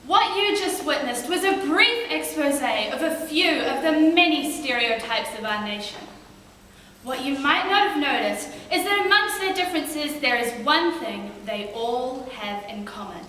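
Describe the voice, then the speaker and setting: A teenage girl delivers a formal competition speech in an emphatic, rhetorical manner. Her voice is high and bright. A distant camera picks it up in a cavernous hall with long reverb and faint hiss. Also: animated, a little slow. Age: late teens. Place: large hall at a marae. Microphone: far camera.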